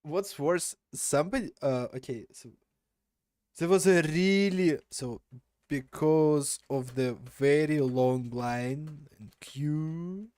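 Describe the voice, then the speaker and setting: Young man, slow rambling stream chat, slightly high voice, laughs a lot. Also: a little mellow, no echo, clean studio sound. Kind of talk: casual live-stream chat.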